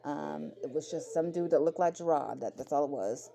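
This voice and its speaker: A woman's voice: deep voice, moderate pace, creaky, dark tone. A young adult woman talking bluntly and emotionally in a casual commentary rant, swearing freely. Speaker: commentary vlogger.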